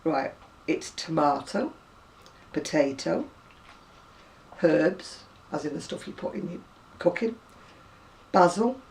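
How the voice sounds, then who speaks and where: In a chatty video reply, a home video blogger in her sixties reads words one by one, rambling with asides and self-corrections. Her voice is on the low side and expressive, slow-paced with frequent pauses, carrying a Lancashire accent from Oldham softened by years near Manchester. The recording has a little hiss or hum and she's slightly far from the mic.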